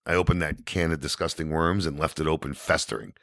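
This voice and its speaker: A man with a New York accent telling his recovery story as a podcast guest, animated and peppered with "you know what I mean". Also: a bass voice, quick pace, no echo, clean studio sound.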